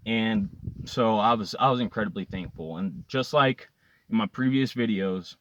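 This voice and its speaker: A man's voice: fairly low pitch, normal speed, no room sound, dull audio. A man vlogging to his viewers, telling a long personal story in an earnest, rambling way with lots of fillers and repeated words. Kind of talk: casual storytelling to camera.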